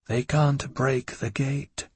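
A man voicing a calm, watchful young vampire woman who speaks in a low monotone. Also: takes it slowly, breathy edge, no room sound, full character voice. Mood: flat.

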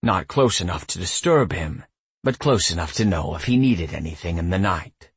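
A man narrating a first-person audiobook in a reflective, tender way with a husky voice. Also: deep voice, animated, moderate pace, no room sound.

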